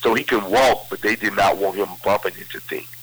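Husky, forceful low-voiced man. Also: fairly even intonation, a little fast, low-quality recording. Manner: vivid retelling with lots of quoted dialogue. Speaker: interview guest. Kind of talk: conversational storytelling.

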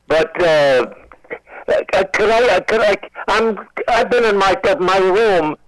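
A man's voice: sits high, slow pace, no echo, rough recording. A man in his nineties, a comedian guest calling in from home, rambling with stammered restarts and dry wisecracks. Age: 90s. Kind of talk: joking radio interview.

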